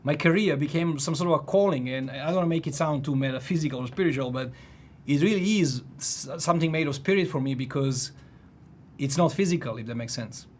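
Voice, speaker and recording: A man in his forties telling a personal story in casual chat, animated, restarting sentences and laughing often. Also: on the high side, fairly quick, a little hiss or hum. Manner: animated, frequent restarts and laughs, "if you know what I mean".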